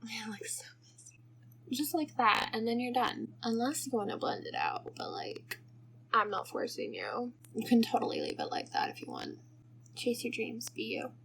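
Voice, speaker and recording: A woman's voice: on the high side, slight background noise. A young woman chatting through a makeup tutorial, rambling off topic and giggling as she goes. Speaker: makeup vlogger. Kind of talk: casual makeup tutorial chat.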